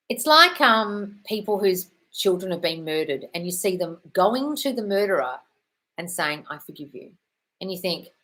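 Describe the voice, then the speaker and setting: A woman with a slightly low-pitched voice hosts a live question-and-answer stream. She answers viewer comments in an effusive, frank way and calls everyone darling. Now and then she breaks into a sweary, squealing burst of praise. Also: pushed and bright, low-quality recording. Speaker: manifestation coach host.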